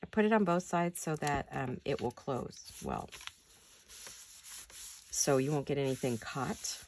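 A woman's voice: rumbling low, expressive, a little slow, a little mellow, slight background noise. A woman hosting a paper craft video, chatting casually to viewers and talking herself through each step in her early morning voice. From United States. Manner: chatty, self-talking while working, light laughs. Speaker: paper craft channel host. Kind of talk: casual crafting chat to camera.

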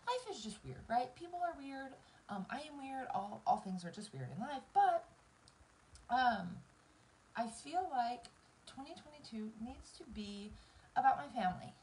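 A woman's voice: high-pitched, very animated, moderate pace, darkish tone, slight background noise, low-quality recording. Teary Southern woman chatting to viewers. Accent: American Southern. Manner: emotional, teary, talks straight to viewers. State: tearful, near crying. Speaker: vlogger doing a live stream. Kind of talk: casual talk to camera while doing makeup.

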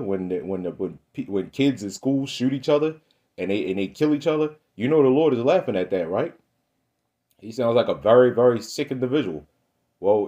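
A man with a mellow, medium-pitched voice delivers an informal, street-style sermon. He preaches with fiery rhetoric, constantly checking in with "right?" and "man."

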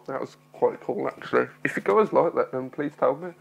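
Nervous young man with a gravelly voice. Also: mid-range voice, a little fast, muffled recording. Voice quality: mild speech impediment. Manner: nervous, apologetic, rambling with many fillers. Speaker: vlogger. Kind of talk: casual talking-to-camera vlog. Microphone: phone.

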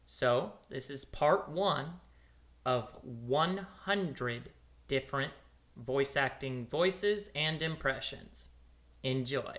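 A man casually introducing his reel of voice impressions, talking very slowly. His pitch swings up and down even in plain speech.

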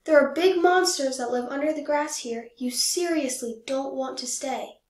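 A cranky little tulip shouts down the geese on her roof, bossy and complaining, in a voice pitched a touch high, as a woman reads her. The room around her is echoey. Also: normal speed, distant mic, lightly acted. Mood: scheming. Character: grumpy young tulip who wants peace.

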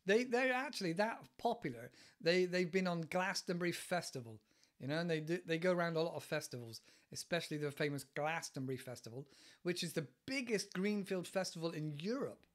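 Fairly high-pitched and expressive, a West Country English teacher moves at a fairly quick pace through his podcast, explaining idioms in a loose, digressive way punctuated by frequent laughter.

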